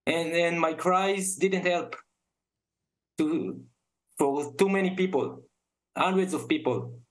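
A tearful man with an Israeli accent speaks haltingly, often repeating and restarting words. His voice sits somewhat high for a man. He sounds shaken and deeply emotional as an interview guest. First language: Hebrew.

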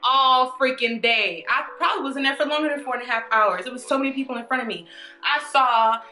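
A woman vlogger telling a story in an animated, chatty way, laughing often. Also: high voice, fast talker. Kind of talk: storytime vlog. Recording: echoey room, faint music.

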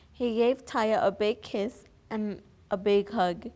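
A woman's voice: mid-range voice, slow, a little mellow. A young woman reading a children's picture book aloud as a volunteer, earnest, with small slips and restarts. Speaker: volunteer story reader.

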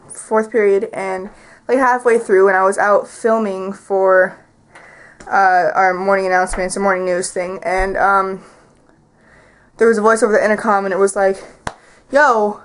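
A woman's voice: medium pitch, low-quality recording. Chatty teenage girl vlogging. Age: teens. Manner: chatty, rambling, heavy use of "like". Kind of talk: casual vlog chat. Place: her bedroom at home.

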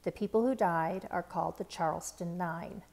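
A woman voicing a patient father who gently explains sad news to his son in a storybook read-aloud. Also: lowish voice, moderate pace, vocal fry. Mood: gentle sad.

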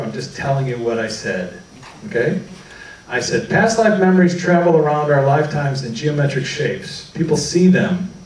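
Man, public talk, animated storyteller, slightly high voice, echoey hall, heard from a distance. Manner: animated storytelling, acting out quoted dialogue. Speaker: author giving a talk. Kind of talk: public talk with personal anecdotes. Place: meeting hall before an audience.

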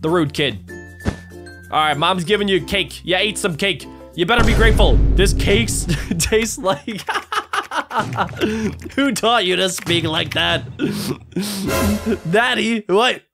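A young man doing an excited video reaction commentary, yelping, laughing and reading lines aloud in passing. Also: high voice, slow pace, music in the background. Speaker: gaming reaction host.

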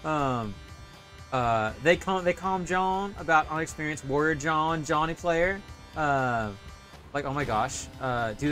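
A young man talks through a game on a live stream in a loose, rambling way, swearing freely. His voice sits a bit high for a man, with faint game music underneath. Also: a little slow, a bit bright. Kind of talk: casual gaming stream commentary.

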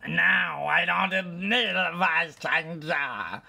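Gravelly, high-voiced man vlogging. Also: slow pace, sharp tone. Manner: boastful, showing off voices. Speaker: video host. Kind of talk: casual vlog talk.

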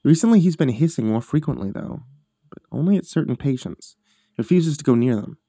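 A man reading a first-person horror story aloud in a measured, hushed storytelling manner that drops low at tense moments. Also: lively intonation, breathy edge, dry recording, studio quality.

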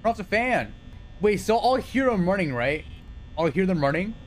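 A young man streaming live gameplay, talking fast and excitably, yelping and swearing at scares and cheering at wins. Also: sits high, slight background noise. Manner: excitable, jumpy, swears, yelps when scared.

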